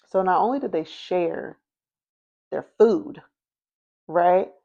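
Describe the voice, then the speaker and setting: Woman, podcast host, casual history storytelling, chatty, filler-heavy, slow, lowish voice. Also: gravelly, dark tone, highs cut off.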